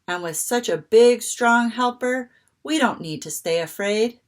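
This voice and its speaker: A woman reading the lines of a gentle, reassuring father in a children's story. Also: fairly high pitch, a little slow, pitched above the performer's own voice, natural voice. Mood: comforting. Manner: calm, comforting.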